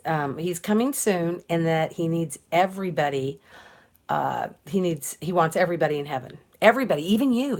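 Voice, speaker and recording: A middle-aged woman giving an earnest, preachy faith talk in a casual style, with frequent restarts and fillers. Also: on the low side. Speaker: political commentator.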